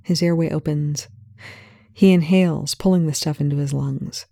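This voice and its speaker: A reader narrating a fan fiction chapter in a measured way, sometimes dropping to a whisper. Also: mid-range voice, fairly even intonation, gravelly, mellow, no room sound. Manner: measured, drops to whispers at tense moments. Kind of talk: audiobook narration. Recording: dry close recording.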